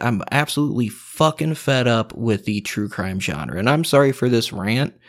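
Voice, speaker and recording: Swearing, ranting male podcast host. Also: mid-range voice. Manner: heated, blunt and swearing constantly. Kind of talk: profane unscripted rant.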